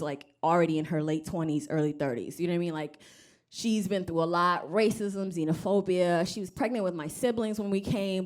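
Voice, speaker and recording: A woman's voice: fairly low pitch, a little mellow. A woman in her thirties, originally from Rwanda, doing a stand-up comedy set on a club stage, chatting with the crowd and acting out other people in raised voices. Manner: conversational, frequent "you know?", quoting people in raised voices.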